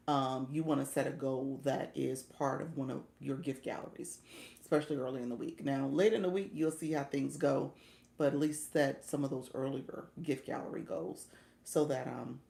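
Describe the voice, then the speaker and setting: A woman's voice: very deep voice, creaky, mellow, roomy sound. A woman coaching new livestreamers in a casual chat, laughing often and thanking viewers as she reads their comments.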